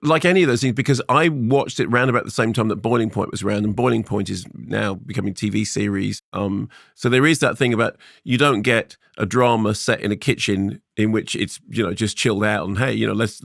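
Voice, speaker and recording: Gravelly-voiced, talkative male film critic. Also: fairly low pitch, dry recording, studio quality. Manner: laughs easily, rapid asides, talkative. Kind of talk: bantering podcast chat and review.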